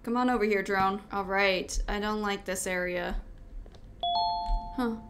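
A woman's voice: medium pitch, steady tone, a little slow, background noise. A woman playing a horror video game, chatting to the game as she goes and crying out in panic when it frightens her. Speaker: gaming video host.

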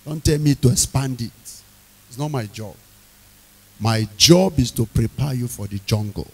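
A man preaching an evening sermon, emphatic, repeating key phrases, questioning the congregation and bursting into loud shouted lines. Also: medium pitch, moderate pace, husky.

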